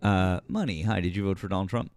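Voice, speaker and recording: Low-voiced halting man hosting. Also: darkish tone. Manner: halting, many restarts and fillers. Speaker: political live-stream host. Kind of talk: casual live-stream talk with callers.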